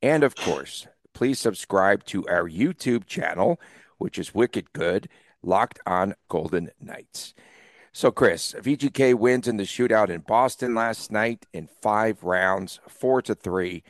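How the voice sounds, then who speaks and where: A man hosting a sports podcast in casual, upbeat chat, talking in quick runs with some fillers. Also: on the low side, expressive, dry recording, studio quality. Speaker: podcast host.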